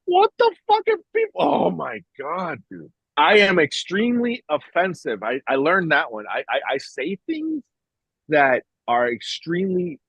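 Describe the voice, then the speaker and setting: A man's voice: fairly high pitch, wildly swooping pitch, unhurried, creaky, fairly bright tone, breathy edge, no echo. A man in casual podcast chat, ranting in a profane, exclamatory way. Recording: dull, slightly lo-fi recording.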